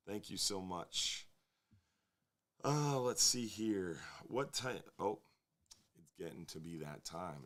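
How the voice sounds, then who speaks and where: A man's voice: deep voice, fairly bright tone. A man hosting a casual live fishing show, rambling and joking with viewers. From Florida. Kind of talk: casual live-stream chat.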